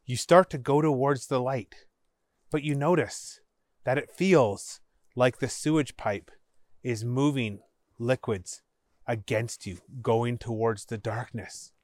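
Guy narrating a choose-your-path story, measured and low, dry close mic. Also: a little mellow, dry recording. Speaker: podcast host and storyteller.

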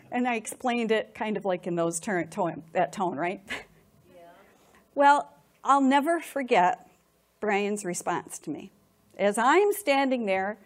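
Here a middle-aged woman recounts a personal testimony to listeners, emotional and animated, frequently repeating herself when overcome. She has a medium pitch, a slow pace, and long pauses.

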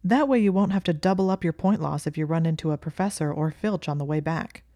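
A woman voicing a smooth, insincere teenage boy who wheedles and pushes. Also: low-pitched, fast, mellow, no echo, clean studio sound. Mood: eager. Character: smooth insincere young male student, wheedling.

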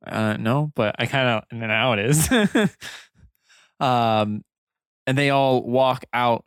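A man runs a tabletop role-playing game, narrating slowly and with a few hesitant ums. His voice is smooth and resonant, and the recording is dry and close. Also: medium pitch, no echo. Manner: slow, relaxed, hesitant with ums. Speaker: game master.

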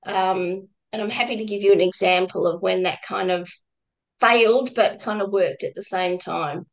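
A woman, a guest, telling a personal work story in a reflective, halting way with many restarts and some laughter. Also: mid-range voice, low-quality recording. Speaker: guest, former crisis-line volunteer.

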